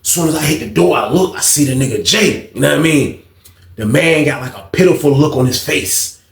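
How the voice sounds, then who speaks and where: A man telling a story in a casual, animated way, full of slang, dropping to a hush for the tense parts. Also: fairly high pitch, fairly quick, vocal fry. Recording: echoey room.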